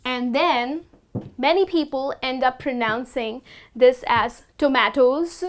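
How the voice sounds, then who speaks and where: A woman teaching the correct pronunciation of food words, speaking slowly and deliberately and repeating each word with care. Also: sits high. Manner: instructive, slow and deliberate, repeats words carefully. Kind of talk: scripted lesson to camera.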